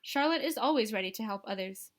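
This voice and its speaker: A woman's voice: a little high, expressive, fast talker, lightly acted. A woman voicing a snobbish, spiteful middle-aged aunt who talks down to others. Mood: haughty. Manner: haughty, scolding.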